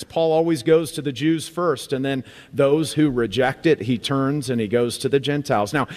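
A man preaching a sermon as pastor of a church, emphatic and animated, repeating phrases for effect. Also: mid-range voice, long reverb tail. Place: church sanctuary.

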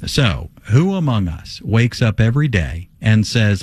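A man's voice: lowish voice, lively intonation, a little slow, hardly any pauses, a little mellow, dry recording, studio quality. A man hosting a call-in radio teaching show, answering a caller in an emphatic, conversational way, with frequent rhetorical questions and "uh" fillers.

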